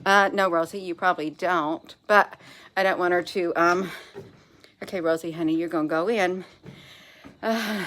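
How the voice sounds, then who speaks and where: A woman's voice: fairly low pitch, normal speed, pauses often, fairly bright tone, a little hiss or hum. A middle-aged woman vlogging in a rambling, casual way, cooing fondly at her pet cat between remarks. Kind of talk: casual vlog chat.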